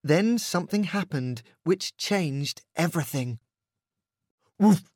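A man reading a children's storybook aloud in an expressive, sing-song way. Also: on the high side, slow, no room sound, studio quality.

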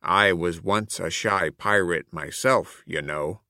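A man voicing a gruff, kind-hearted old male pirate who works as a substitute teacher, growling his words with hearty arrs. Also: low-pitched, slow pace, pushed and bright, dry recording, studio quality, pitched below the performer's own voice, heavily acted. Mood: gentle.

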